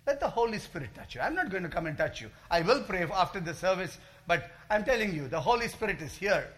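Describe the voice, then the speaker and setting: A man's voice: high voice, big pitch swings, fast talker, fairly bright tone. A middle-aged male pastor giving a fervent altar call and prayer, pleading and rising in intensity.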